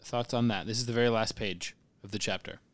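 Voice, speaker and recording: A man hosting a casual book-club podcast, leading the talk in a dry, wry, gently teasing way. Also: on the low side, steady tone, fairly quick. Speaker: podcast host leading discussion.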